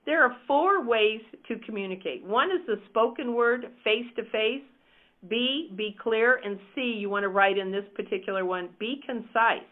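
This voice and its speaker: A woman's voice: a little high, moderate pace. Woman coach, emphatic and upbeat, teaching over a thin, phone-like line. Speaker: real estate team coach.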